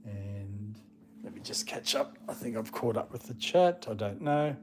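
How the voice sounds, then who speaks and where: A man's voice: on the low side, animated, measured pace, background noise. A man live streaming, chatting casually and rambling, breaking off now and then to scold his dogs. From Australia. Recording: music playing in the background.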